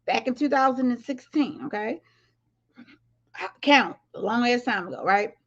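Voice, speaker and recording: A woman's voice: on the high side, expressive, unhurried, fairly bright tone. Woman going off on a livestream, blunt and cussing, bit of a dull sound. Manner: blunt, profane, addresses viewers directly. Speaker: livestream commentary host. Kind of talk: casual livestream commentary.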